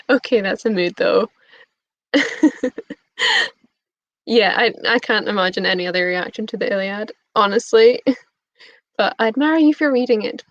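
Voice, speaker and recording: A woman's voice: mid-range voice, measured pace, pauses often, no echo. A young woman chatting casually on a live stream, bubbly and giggly as she answers her chat. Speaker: booktube streamer. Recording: dull lo-fi stream audio.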